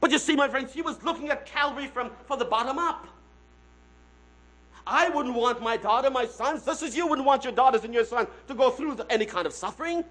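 A man preaching a sermon, swinging from hushed tones to loud emphasis and repeating phrases as he addresses his listeners as friends. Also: very high-pitched, a little fast, poor audio.

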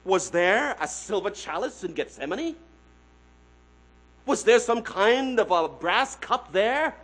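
Preacher: a man with a notably high voice, drops to a hush then swells loud, repeats key phrases. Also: lively intonation, takes it slowly, low-quality recording. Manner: swings from hushed to loud, repeats phrases for emphasis; addresses listeners as "my friends". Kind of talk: sermon.

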